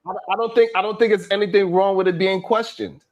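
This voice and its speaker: A man's voice: high voice, fairly even intonation, quick pace. A man on a discussion panel, defending his view insistently and repeating his words as he goes. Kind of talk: heated panel debate.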